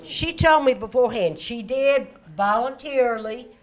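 A woman's voice: on the high side, moderate pace. A woman hosting a birthday party, upbeat, chatty and joking with guests, on a handheld microphone. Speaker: event host.

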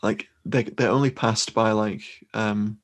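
A man co-hosting a podcast, recapping a film in casual chat with halting restarts and dry humor. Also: fairly low pitch, steady tone. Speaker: podcast co-host.

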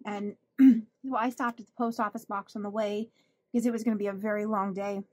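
Bubbly husky-voiced woman. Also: mid-range voice, flat delivery, fairly quick, no echo. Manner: chatty and gushing, laughs often. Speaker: budgeting channel host. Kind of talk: casual chat opening mail.

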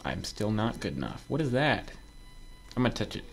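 A man playing a platform game and commenting as he goes, excitable and joking, yelping when something surprises him. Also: lowish voice, fairly quick, creaky, slight background noise. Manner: excitable, talks to himself, yelps when surprised; joking asides to viewers. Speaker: gaming video creator. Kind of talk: casual let's-play commentary.

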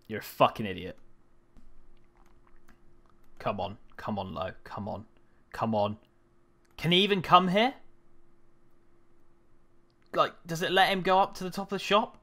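Guy yelling at game npcs, lowish voice with a bright sharp edge, swears a lot. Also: gravelly. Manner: swearing, excitable, talks to game characters. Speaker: gaming channel host. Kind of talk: casual gameplay commentary.

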